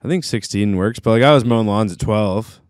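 A man's voice: fairly low pitch, fairly quick, darkish tone, dry recording, clean studio sound. A man in his thirties co-hosting a casual podcast, laid-back and joking, acting out quotes of himself. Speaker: podcast co-host. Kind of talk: casual chat.

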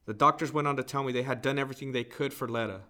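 Male host, mid-pitched, reads a poem and book excerpt in a measured, reflective way. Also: pushed and bright. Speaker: podcast host.

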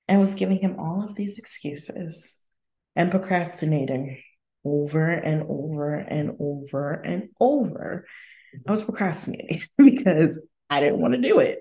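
Slow, low-voiced woman hosting a reflective podcast. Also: lively intonation, mellow. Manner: reflective and candid, laughs often between thoughts. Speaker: podcast host. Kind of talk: casual faith-sharing monologue. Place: her apartment. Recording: roomy echo in a home room.

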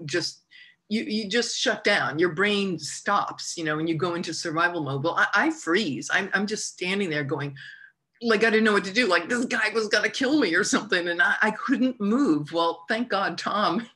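A woman telling a personal story in a casual, animated way, full of "like" and restarts. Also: fairly low pitch, normal speed. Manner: laughs through the telling.

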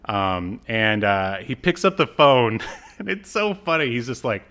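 Smooth-voiced man recapping with laughs. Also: medium pitch, very animated, measured pace, bright, forceful tone. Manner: laughs while retelling, acts out character lines. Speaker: podcast co-host recapping an episode. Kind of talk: casual chat.

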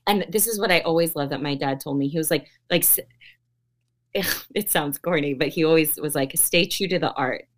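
A woman's voice: deep voice, moderate pace. Bubbly woman talking as an interview guest. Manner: bubbly, laughs often, many fillers. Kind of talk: casual interview chat.

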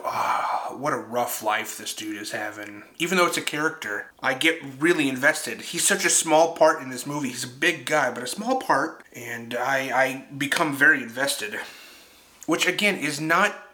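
A young man chatting casually through a film review, animated and quick to laugh at himself. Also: mid-range voice.

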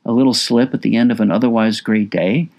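Calm, reassuring female therapist, as a man reads her. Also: mid-range voice, lightly acted. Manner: measured, reassuring.

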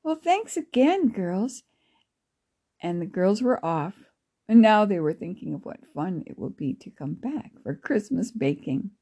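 A woman podcast storyteller reading a children's story aloud in a gentle, affectionate way. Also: fairly low pitch, animated, moderate pace, husky. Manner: gentle, affectionate, laughs softly.

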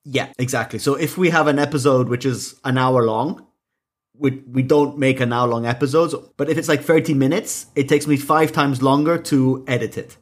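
A man who speaks English as a second language after Italian, co-hosting a podcast in casual chat, measured and explanatory with dry quips. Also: medium pitch, steady tone. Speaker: podcast co-host and editor.

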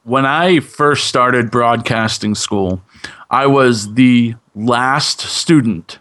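A man, a podcast host on as a guest, explaining in a measured, casual way. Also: mid-range voice, a bit bright.

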